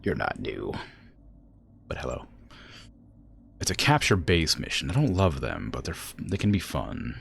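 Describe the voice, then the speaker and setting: A man's voice: rumbling low, huge pitch swings, unhurried, gravelly, pauses often, fairly bright tone, slightly rough. A man streaming a strategy game, chatting casually and laughing often.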